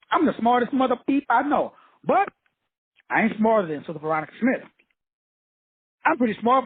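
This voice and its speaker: A man's voice: sits high, husky, dry recording. A man giving a fiery motivational lecture, preachy and blunt, repeating his points with profanity. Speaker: motivational teacher. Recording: tinny phone-like dry sound.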